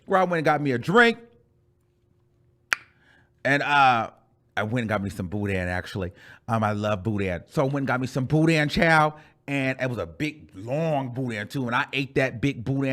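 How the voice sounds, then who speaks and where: A man telling a storytime rant on his channel in a chatty, animated way, calling the listener "girl" and repeating phrases for emphasis. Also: medium pitch, moderate pace. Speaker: YouTuber.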